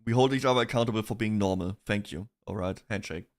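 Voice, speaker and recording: A man's voice: fairly low pitch, quick pace. A man streaming, chatting casually about online drama in a rambling way, with restarts and bursts of laughter.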